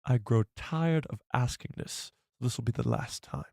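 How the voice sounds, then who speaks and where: A man's voice: medium pitch, moderate pace, very noisy, natural voice. A man doing a playful impression of a pompous imperial villain with mock menace. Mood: mock-menacing.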